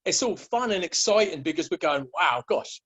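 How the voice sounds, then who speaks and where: A man talking as a guest in a relaxed conversation. His voice sits a bit higher than most men's, and he wanders through his points with lots of false starts and repeated words. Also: brisk, husky, rough recording. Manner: rambling, with many restarts and repeated words. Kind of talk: casual conversation.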